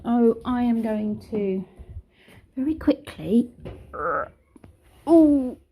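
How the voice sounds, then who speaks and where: A woman's voice: a little high, sing-song, extremely slow, dark tone, echoey room, a little hiss or hum. A middle-aged British woman chatting casually to camera at home, rambling with little asides about her family's day. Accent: British English. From United Kingdom. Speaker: family vlogger.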